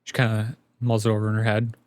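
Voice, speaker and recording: A man's voice: lowish voice, monotone, fast talker, a little mellow, no echo. Casual male game master. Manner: casual, laughing, filler-heavy. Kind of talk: narrating a tabletop game.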